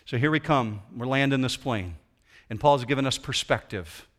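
A man's voice: medium pitch, normal speed. Man preaching a sermon. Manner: preaching with swings between loud emphasis and quiet intensity. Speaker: pastor. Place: church auditorium.

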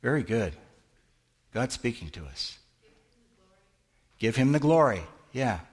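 A man's voice: medium pitch, very animated, slow pace, breathy edge. A middle-aged male pastor giving a conversational sermon in a church, asking the congregation questions and answering them. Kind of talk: interactive sermon teaching.

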